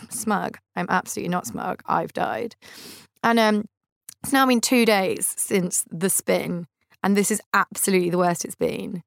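A woman's voice: mid-range voice, creaky, no room sound, clean studio sound. A young woman with a Scottish accent hosting a podcast, telling breezy, self-deprecating stories in a casual, chatty way. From Scotland. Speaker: podcast host.

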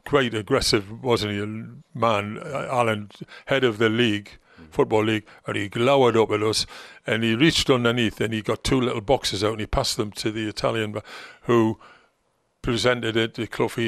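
A man's voice: fairly low pitch, fairly bright tone, no room sound, studio quality. An older man with a Geordie accent, a former football manager telling long rambling stories as a guest, with many ums and restarts. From North East England. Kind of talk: relaxed anecdotal storytelling.

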